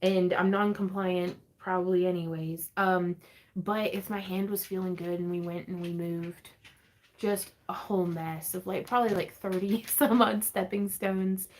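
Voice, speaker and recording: A woman's voice: lowish voice, steady tone. Chatty woman hosting a craft livestream. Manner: chatty, rambling, quick to laugh; reads viewer comments aloud and answers them. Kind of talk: casual livestream chat. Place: at home.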